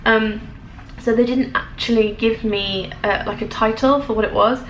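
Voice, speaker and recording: A woman's voice: on the high side, steady tone, normal speed. A young English woman telling a personal story to camera in a hesitant, emotional way, with many fillers and restarts. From England. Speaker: vlogger. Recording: echoey room, faint noise.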